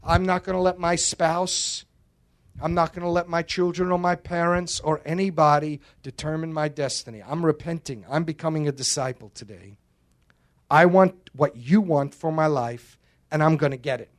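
A man's voice: a little high, steady tone, normal speed. A male preacher giving a sermon in an emphatic, dramatic way, with joking asides.

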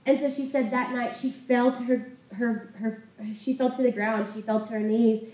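A woman's voice: on the high side, fairly even intonation, normal speed, a little mellow. A woman preaching a sermon, telling a testimony story with passion. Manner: impassioned storytelling. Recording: roomy sound from a distant mic.

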